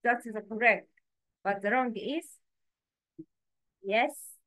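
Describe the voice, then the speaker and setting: Slow, patient woman teaching pronunciation. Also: fairly high pitch, a bit bright. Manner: patient, repeats words for the learner to echo. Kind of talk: slow instructional lesson.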